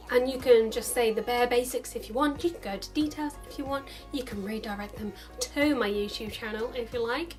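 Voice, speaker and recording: A woman's voice: fairly high pitch, darkish tone. A young adult woman vlogging casually to camera in a chatty, upbeat way, acting out the lines of other people now and then.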